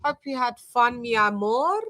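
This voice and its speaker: A woman's voice: a little high, a little slow, heavy background noise. Chatty woman hosting a boxing live stream. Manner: chatty, sings snatches and shouts out members. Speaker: boxing channel host. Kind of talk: casual live-stream chat.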